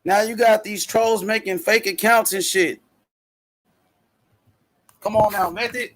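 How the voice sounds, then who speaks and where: Male host, strikingly high voice, brash trash-talking streamer. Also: steady tone, measured pace. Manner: loud, profane trash talk. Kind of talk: casual boxing talk stream.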